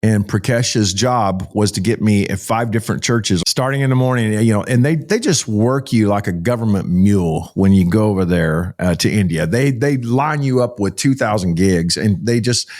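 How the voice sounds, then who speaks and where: A pastor, a man from Texas, telling a story as a podcast guest in a folksy, animated way. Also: on the low side, normal speed, few pauses. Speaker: pastor and ministry founder, guest.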